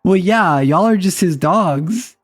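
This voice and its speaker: A giggly, teasing woman chats casually on her live stream. Her pitch bounces around animatedly from line to line, and soft music plays underneath. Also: animated, takes it slowly.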